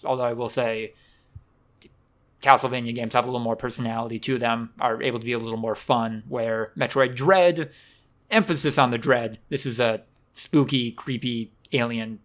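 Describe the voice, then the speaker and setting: A man's voice: mid-range voice, a bit bright. A man co-hosting a podcast in casual chat, rambling and hedging with fillers. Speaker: podcast co-host.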